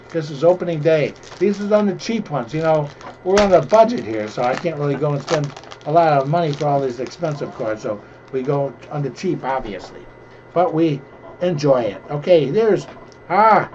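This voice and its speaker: A man's voice: on the high side, a little mellow. A middle-aged man opening packs of cards in casual, rambling commentary with jokey asides, recorded at home. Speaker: host opening card packs. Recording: dull lo-fi home recording with faint hiss.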